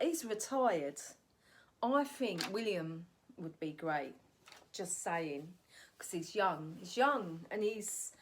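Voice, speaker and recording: A woman, a comedian delivering a rambling comic monologue and correcting herself as she goes. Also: lowish voice. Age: 40s. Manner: rambling, cheeky, self-correcting.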